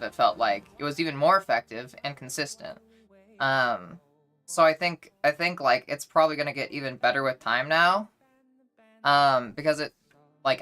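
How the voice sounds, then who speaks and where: A woman's voice: low-pitched, fairly bright tone. A woman streamer chatting casually with her viewers, rambling along with many restarts.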